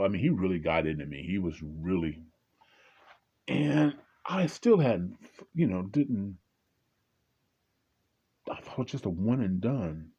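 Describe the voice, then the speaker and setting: A man with a low voice and big pitch swings tells a personal story from his twenties, now older, speaking unhurriedly with long pauses and a breathy edge. He uses lots of fillers, keeps stopping and restarting, and gets loud when acting out angry exchanges, all on lo-fi audio.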